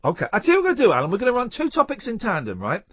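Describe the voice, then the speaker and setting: A man's voice: high voice, huge pitch swings, a bit bright, no room sound. A man hosting a radio show, chatting casually and teasing his co-host. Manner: playful, teasing, quick to joke.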